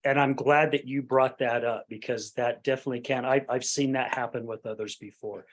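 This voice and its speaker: A man's voice: mid-range voice, fairly even intonation, a little fast. A man hosting a podcast interview, talking earnestly and often checking in with "right?". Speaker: podcast host.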